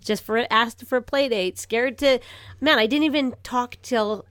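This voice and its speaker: A woman in her thirties talking casually as a podcast guest, soft-spoken and hesitant, with trailing sentences. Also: a little high, a little slow, no echo, studio quality. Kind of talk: casual conversation.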